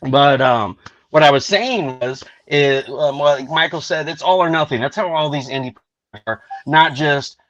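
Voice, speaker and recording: A man hosting a casual livestream chat, thanking backers and plugging crowdfunded projects in a hurried way. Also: a little high, a bit bright, dry recording, dull audio, faint music behind. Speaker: podcast host.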